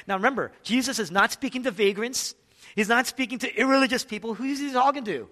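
A male pastor with a very high voice preaches quickly and emphatically, asking questions and answering them himself. He swings between loud passages and hushed ones, with the long reverb of a large hall.

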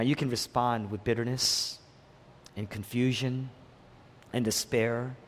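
A male pastor preaching a sermon, emphatic, repeating key phrases and swinging from hushed to raised. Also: mid-range voice, slight background noise. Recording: long reverb of a large hall.

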